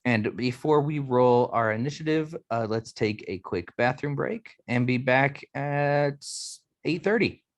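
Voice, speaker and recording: A man's voice: medium pitch, lively intonation, measured pace, hardly any pauses, no room sound. Easygoing man running a tabletop game. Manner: easygoing, filler-heavy narration. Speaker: game master.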